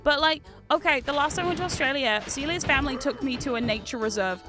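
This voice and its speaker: Kiwi girl streamer rambling casually, high bright voice, faint music in the back. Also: fast talker. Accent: New Zealand. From New Zealand. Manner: chatty, swears freely, laughs often. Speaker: VTuber streamer. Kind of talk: casual gaming stream chat.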